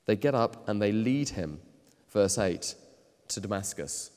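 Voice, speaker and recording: A man's voice: fairly low pitch, animated, unhurried, smooth. Emphatic male preacher in a reverberant hall. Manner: emphatic, swinging from loud to quiet. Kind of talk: sermon.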